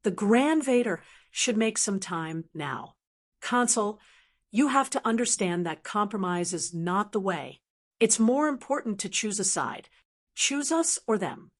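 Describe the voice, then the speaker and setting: A woman's voice: medium pitch, lively intonation, measured pace. A woman reading the lines of a scheming male official who presses a young consul to pick a side. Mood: insistent.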